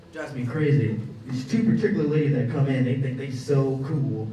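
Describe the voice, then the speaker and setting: On stage at a comedy venue, a young man does a lively stand-up set, slipping into quick, high-pitched voices for the people in his stories. The club sounds echoey, picked up by a distant mic, with audience noise around him.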